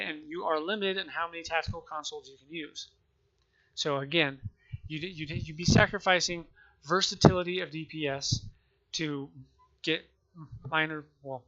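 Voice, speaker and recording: A man with the hiccups explaining gameplay in a rambling, halting way, often restarting and correcting himself. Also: fairly high pitch, pushed and bright. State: has the hiccups. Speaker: gaming video creator. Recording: muffled lo-fi mic.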